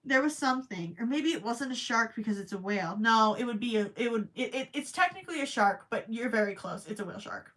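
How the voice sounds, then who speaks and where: A woman with a slightly high, somewhat bright, expressive voice talks fast with few pauses. She's the host of a crochet live stream, chatting casually and thinking out loud with stammered restarts, her voice cracking after hours on air.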